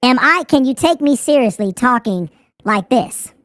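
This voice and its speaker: A man using a pitch-shifting soundboard voice changer to talk as a squeaky chipmunk, playful and teasing. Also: expressive, moderate pace, fairly bright tone, dry recording, clean studio sound. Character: squeaky chipmunk voice, cartoonish and jokey.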